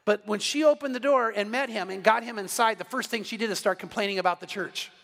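A male pastor preaching in a lively, conversational way, slipping into quick acted-out quotes. His voice sits high for a man, and it carries a long reverb that rings through a church hall. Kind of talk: sermon.

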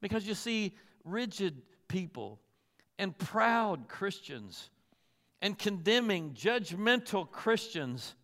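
A man's voice: high-pitched, sing-song, slow pace, fairly bright tone, in a large hall. A man preaching a sermon, talking earnestly to his listeners with rhetorical questions and voicing the people and words he quotes. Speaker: pastor.

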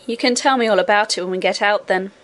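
Woman voicing a hushed, brisk miner boy. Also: medium pitch, lightly acted. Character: young miner boy, practical and hurried.

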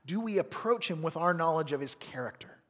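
Man preaching, husky voice, lively rising and falling pitch, long church-hall reverb. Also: brisk. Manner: earnest, animated preaching with acted asides. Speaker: pastor. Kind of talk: sermon.

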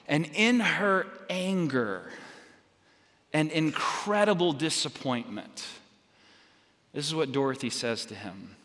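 A man preaching a sermon as pastor, telling stories in a halting way with many restarts and fillers. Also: on the high side, lively intonation, sharp tone, in a large hall.

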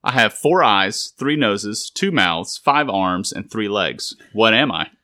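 A man co-hosting a podcast, delivering jokes with deliberate, dry punchlines. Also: fairly low pitch, lively intonation, sharp tone. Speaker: podcast co-host. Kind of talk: casual joke-telling chat.

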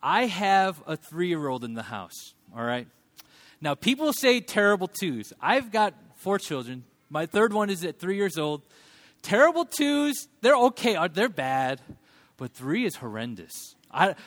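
A pastor in his thirties delivers a sermon in a fairly high, lively voice. He mixes humor with earnest teaching and swings his voice into little acted quotes. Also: unhurried.

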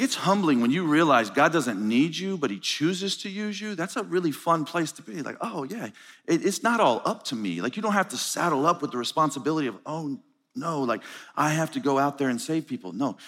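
Animated storytelling preacher in a reverberant hall. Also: male voice, a little high, a little fast. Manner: animated storytelling, acts out dialogue. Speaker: pastor. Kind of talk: conference sermon. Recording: live hall with long reverb.

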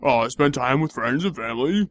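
A man's voice: mid-range voice, expressive, normal speed, no room sound. A young man in improvised comedy banter, teasing and playfully mocking.

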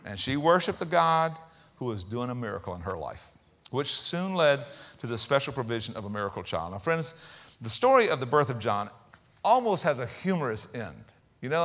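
A man preaching a sermon in a conversational, humorous way, with quick asides and repeated words. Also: medium pitch, fairly bright tone, big-room sound. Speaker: pastor.

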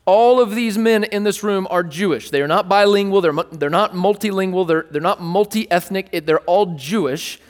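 A man preaching a sermon to a congregation, playful and animated, joking with the crowd between scripture readings. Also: high-pitched, normal speed, few pauses, in a large hall. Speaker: pastor. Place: church hall with a live audience.

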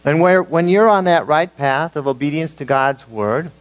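A man preaching a sermon, his voice sitting a little higher than most men's. He is emphatic, pushing some lines out loud and dropping others to a hushed, slow emphasis. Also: poor audio. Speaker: pastor.

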